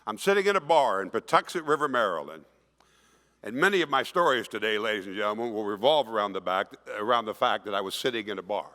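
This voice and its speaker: A man's voice: lowish voice, fast talker. Older man telling stories in a reverberant hall. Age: 60s. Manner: animated, emphatic storytelling, acts out quoted voices. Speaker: keynote speaker. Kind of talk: storytelling speech to an audience. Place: conference hall. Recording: long reverb of a large hall.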